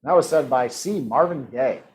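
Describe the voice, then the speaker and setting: On a low-quality recording, a man hosts a live-streamed trivia game, reading questions and answer options in a playful, teasing way. His mid-range voice has lively intonation, a moderate pace and a darkish tone.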